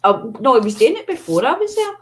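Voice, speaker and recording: A woman's voice: sits high, very animated, fast talker, slight background noise. A woman with a Scottish accent chatting casually, telling fond family stories and imitating the people in them. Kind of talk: casual chat.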